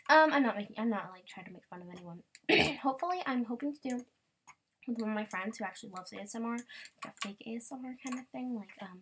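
A young woman, rambling and bubbly as she chats casually over a game, breaking into sudden excited squeals. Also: on the high side, background noise. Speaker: gamer podcaster. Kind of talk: casual gameplay commentary.

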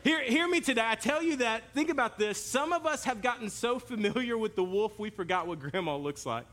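A male pastor preaches a sermon with a very high, bright voice. He is animated, telling stories and speaking straight to his congregation. The delivery feels lively and personal. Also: fairly quick. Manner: animated, storytelling, direct to the congregation.

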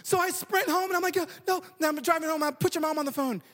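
A man preaching a sermon, an animated storyteller who often repeats words. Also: very high-pitched, fast. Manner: animated, repeats words while telling stories. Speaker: pastor.

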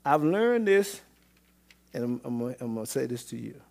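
A man preaching a sermon as pastor, swinging between loud exclamations and low murmurs, with repeated call-outs to the congregation. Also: very animated, normal speed, creaky. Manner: repetitive call-and-response phrasing.

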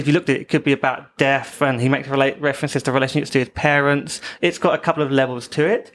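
A man hosting a podcast in casual chat, presenting his picks in an easygoing way with frequent "um"s. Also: on the high side. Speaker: podcast host.

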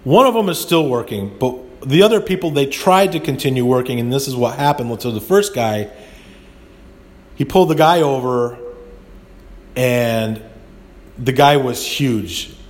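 A man's voice: medium pitch, animated, measured pace, pauses often. A man hosting a podcast, talking in a rambling, indignant monologue full of restarts. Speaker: podcast host. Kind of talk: casual monologue.

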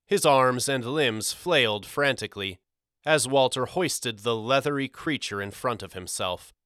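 A man narrating a storybook audiobook in a measured, expressive reading. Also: mid-range voice, clear, resonant tone, no echo, clean studio sound.

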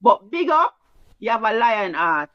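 A woman with a Jamaican accent co-hosting a sports show in casual chat, brisk and teasing with patois-flavoured talk, on a dull lo-fi recording. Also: fairly high pitch, sing-song, no echo. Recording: dull lo-fi sound.

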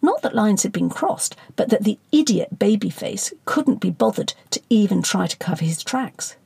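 A woman's voice: mid-range voice, big pitch swings, moderate pace, creaky, a little mellow, breathy edge, no room sound. A woman reading satirical fiction aloud as an audiobook narrator, with a wry, sardonic delivery.

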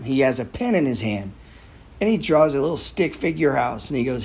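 A man's voice: mid-range voice, lively intonation, brisk, darkish tone, slightly rough. A man hosting a live audio chat room, talking casually in a blunt, profane, rambling way. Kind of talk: casual talk.

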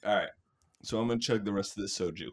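A man's voice: fairly low pitch, fast talker. A man hosting a casual podcast, joking crudely and laughing often. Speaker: podcast host.

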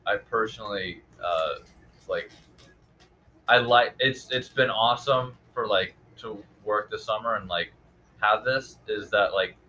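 A man's voice: fairly low pitch, measured pace, bright, forceful tone, a little hiss or hum. A young man chatting casually in a group, meandering with lots of fillers. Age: young adult.

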